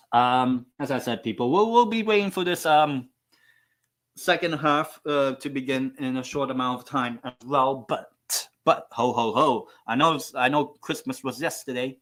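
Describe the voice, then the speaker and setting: A man's voice: mid-range voice, unhurried, fairly bright tone. A man hosting a live football watchalong stream, chatting casually in a rambling, profane, self-mocking way.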